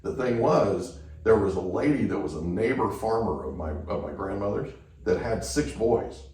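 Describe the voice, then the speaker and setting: A man hosting a podcast tells a long story in a low voice, checking in with "right?" at every turn. He sits back from the mic in a very echoey room, with a faint hiss behind him. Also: lively intonation, moderate pace, a little mellow, far from the mic. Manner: anecdotal, keeps checking in with "right?". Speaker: podcast host. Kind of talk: casual storytelling chat.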